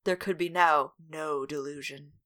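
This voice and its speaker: A woman's voice: low voice, steady tone, a little slow, fairly bright tone. A woman co-hosting a podcast, reading a gothic novel aloud with dramatic weight and breaking in with wry jokes. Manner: dramatic read-aloud broken by wry asides.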